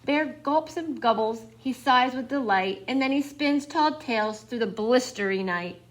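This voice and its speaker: A young woman reads a children's picture book aloud at an unhurried pace, her voice sitting a little high. She is expressive, dropping into hushed whispers and rising again as the story moves. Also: a little hiss or hum.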